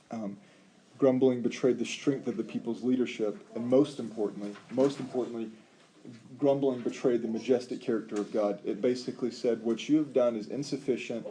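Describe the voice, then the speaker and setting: A man teaching a Bible study, talking in an animated, emphatic way with rhetorical questions and frequent ums. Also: medium pitch.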